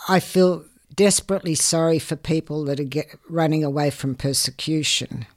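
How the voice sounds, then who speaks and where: An older woman, giving earnest, measured interview answers and often repeating words. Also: sits low. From Hungary. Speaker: guest. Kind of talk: interview answers, personal recollection.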